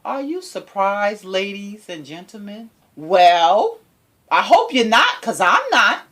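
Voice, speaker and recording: A woman's voice: mid-range voice, big pitch swings, takes it slowly, fairly bright tone. Sassy, emphatic woman commentator. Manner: sassy, emphatic, rhetorical questions to viewers. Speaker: commentary channel host. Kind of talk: opinionated commentary.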